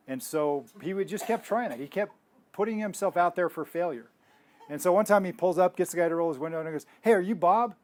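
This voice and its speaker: A man gives a relaxed faith teaching, his voice sitting a little high for a man. He rambles, restarts his sentences and drifts into stories as he goes. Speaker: health ministry teacher.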